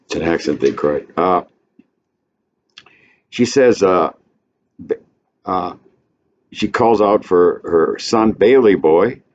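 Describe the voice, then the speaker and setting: A man giving an informal literary lecture, rambling, with many pauses and filler sounds. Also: low-pitched, expressive. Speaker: literature presenter. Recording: dull lo-fi recording, faint hiss.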